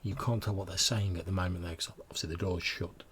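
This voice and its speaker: A man's voice: low-pitched, steady tone, fast, fairly bright tone, breathy edge. A man narrating a tabletop game as game master, describing scenes with frequent restarts.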